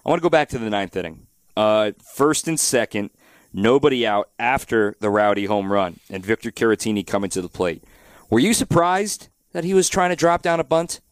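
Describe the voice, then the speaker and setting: A man hosting a sports talk radio show, talking through a baseball game in a steady, direct way. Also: lowish voice, moderate pace, no room sound. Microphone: studio microphone.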